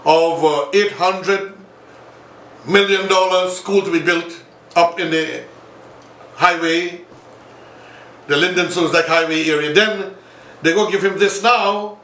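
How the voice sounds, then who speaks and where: An impassioned man delivers political commentary, turning again and again to his viewers. His voice is high and bright. He sounds set back from the mic in an echoey room. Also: fairly even intonation, slow pace, pauses often, recorded from a distance. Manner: repetitive, appealing directly to viewers. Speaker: online show host.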